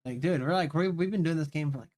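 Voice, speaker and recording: A male livestreamer chatting loosely with his viewers while working through a story game. His speaking voice sits fairly high for a man. He rambles, curses freely, and keeps talking directly to his chat. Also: fast, darkish tone. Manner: rambling, profane, talks to chat. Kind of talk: casual live-stream chat while reading a game.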